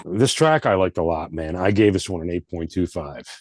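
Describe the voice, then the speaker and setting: A man's voice: low voice, lively intonation, normal speed, dry recording, studio quality. A man co-hosting a casual album review chat, laid-back and rambling with restarts. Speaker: podcast co-host.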